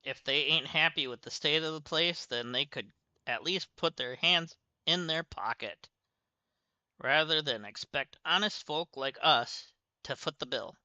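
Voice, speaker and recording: A man's voice: on the high side, measured pace, pushed and bright, no room sound, highs cut off. A man reading game dialogue as a grumbling small-town gas station owner in a put-on Southern accent. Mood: indignant. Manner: indignant, drawling read-aloud of game dialogue.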